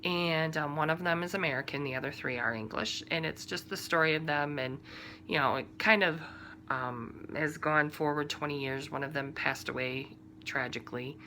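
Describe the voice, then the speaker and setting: Chatty low-voiced woman with a bright tone. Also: moderate pace, slight background noise. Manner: chatty and rambling, full of fillers and soft asides. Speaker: podcast host. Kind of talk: casual chat about books, TV and crafting.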